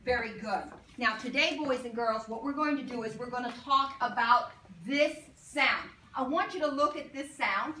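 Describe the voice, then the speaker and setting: A woman with a high, bright, ringing voice leads young children through a phonics lesson. She stretches out each sound and praises readily. She is heard in an echoey classroom with a faint background hiss. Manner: encouraging, drawn-out modeled sounds and call-and-response prompts. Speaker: elementary school teacher. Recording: echoey room from far off.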